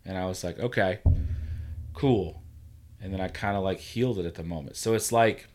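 A man hosting a casual talk, telling a story in an animated way, acting out the quotes and swearing freely. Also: low-pitched, quick pace. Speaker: podcast host. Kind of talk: casual conversation.

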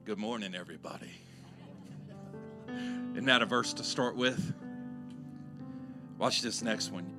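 A pastor with a bright, forceful voice, preaching a sermon in a relaxed, joking way that builds into emphatic points. He asks his congregation questions and teases them. Soft guitar plays faintly in the background. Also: lowish voice, unhurried, pauses often.

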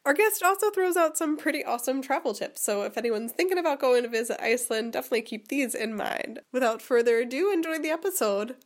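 A woman's voice: high voice, lively intonation, fast, few pauses. A woman hosting a podcast with a sick voice, chatting casually and laughing often. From Pennsylvania, United States. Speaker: podcast host.

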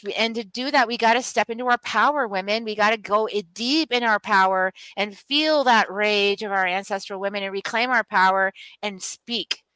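A woman's voice: medium pitch, moderate pace, few pauses, bright, forceful tone, clean tone, no room sound, rough recording. A middle-aged woman, a guest healer, telling stories with passion in an emphatic, rousing way, repeating words for force. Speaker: guest, medicine woman and mentor. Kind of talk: passionate storytelling in conversation.

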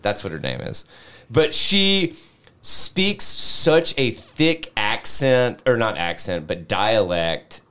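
Man, podcast co-host, casual chat, animated, swears a lot, lively pitch. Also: slow pace, smooth. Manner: animated, swears freely, laughs often.

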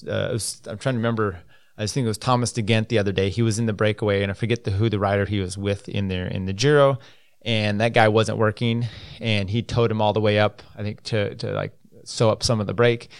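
A man's voice: lowish voice, gravelly, smooth, no room sound, clean studio sound. A man hosting a casual solo podcast, reading news items aloud and adding loose, rambling asides with many fillers. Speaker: podcast host.

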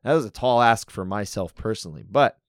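A man's voice: on the low side, expressive, a little fast, no room sound, clean studio sound. A man co-hosting a podcast in casual chat, talking things through and acting out little scenarios. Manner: chatty, restarts sentences, acts out scenarios. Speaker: podcast co-host.

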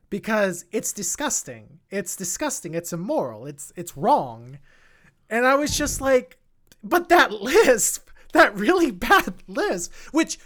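A woman co-hosting a podcast, talking through a film in a loose, rambling way with many restarts. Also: medium pitch. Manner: rambling, frequent restarts, animated swings in loudness. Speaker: podcast co-host. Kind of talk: casual film discussion chat.

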